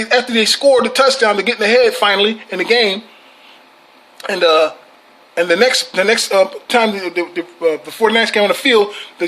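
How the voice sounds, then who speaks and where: High bright-voiced guy ranting and swearing about his team, repeats himself a lot. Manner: profane, heated, repetitive ranting with laughs. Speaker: fan channel host. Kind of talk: ranting fan commentary.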